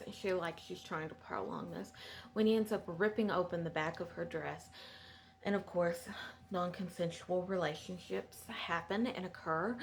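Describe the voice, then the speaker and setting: A woman giving a chatty, digressive recap of a TV episode in a sympathetic tone. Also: on the low side. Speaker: show recapper.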